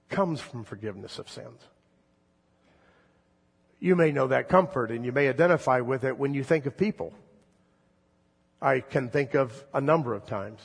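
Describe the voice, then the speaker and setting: Husky-voiced pastor preaching in a reverberant hall. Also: male voice, mid-range voice. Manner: earnest, gentle preaching with slow, drawn-out emphasis. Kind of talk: sermon.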